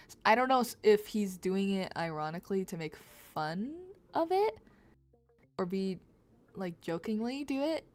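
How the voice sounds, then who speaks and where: A young woman with a slight Southern US accent, chatting casually to her stream while she draws, rambling, giggly and self-correcting. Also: mid-range voice. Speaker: drawing livestreamer. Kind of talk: casual chat while drawing.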